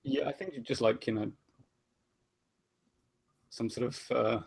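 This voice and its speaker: Posh british guy, gravelly husky voice, wry and quiet, tabletop player. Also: medium pitch, fairly even intonation, unhurried. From Britain. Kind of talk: casual tabletop game planning.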